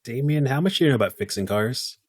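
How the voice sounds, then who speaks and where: A man playing a tabletop role-playing game, speaking in character in a calm, dry way. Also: medium pitch, fast talker, slightly rough, dry recording. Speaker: player. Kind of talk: casual in-character chat.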